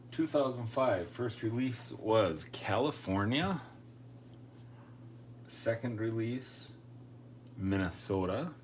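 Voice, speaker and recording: A coin collecting live streamer chats casually, thinking aloud and making jokes at his own expense. His voice is medium-pitched, with slight background noise.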